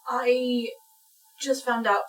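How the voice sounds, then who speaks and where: A woman's voice: a little high, little pitch movement, very slow, fairly bright tone, slight background noise. A woman playing her character in a tabletop game, hesitant and stammering, heard on a distant mic with faint music. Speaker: player.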